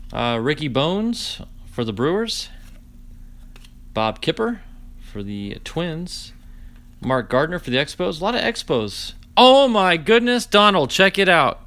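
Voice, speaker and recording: A man in his forties, hosting a live card-opening stream, chatty and animated, telling stories with dry sarcasm and greeting viewers. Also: medium pitch. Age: 40s. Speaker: host opening card packs.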